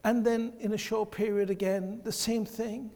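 A man's voice: high-pitched, little pitch movement, normal speed, dark tone. A man preaching a sermon to his congregation, emphatic and repeating his key phrases. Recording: long hall reverb.

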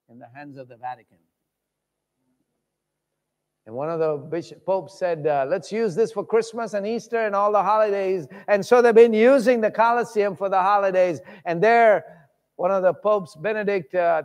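A preacher delivers his sermon in a high, ringing voice, shouting at his strongest points and sweeping his pitch up and down. His voice rolls around a hall with a long, trailing reverb. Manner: shouts and swings his pitch widely for emphasis.

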